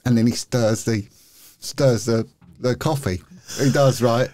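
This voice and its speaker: Here a middle-aged man with a medium-pitched, darkish voice speaks a little slowly. A former police detective on a podcast as a guest, he tells loose, frank stories over casual chat, chatty and prone to frequent restarts.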